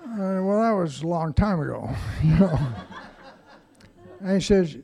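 A man's voice: high-pitched, lively intonation, a little slow, gravelly, warm tone. An older man telling his own recovery story to a group in a plain-spoken, wry and blunt way, with some swearing.

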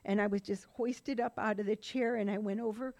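A woman's voice: mid-range voice, steady tone, fairly quick, a little mellow. A middle-aged woman sharing her personal recovery story in a rambling, run-on way, with laughing asides. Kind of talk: personal testimony talk.

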